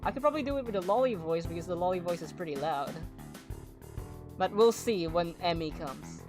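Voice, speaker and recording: Australian woman streamer, lowish voice, chatty read-through of a game. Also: lively intonation, brisk. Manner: chatty, breaks off to comment between read lines. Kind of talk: reading a visual novel aloud on a live stream. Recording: guitar music behind.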